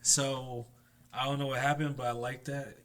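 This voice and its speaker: Young guy yapping about a manga chapter, loose and rambly, laughing a lot, mid-pitched voice. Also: little pitch movement, moderate pace, a bit bright. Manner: rambling, laughs often, reads out lines in playful voices. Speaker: anime reviewer. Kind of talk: casual chapter recap.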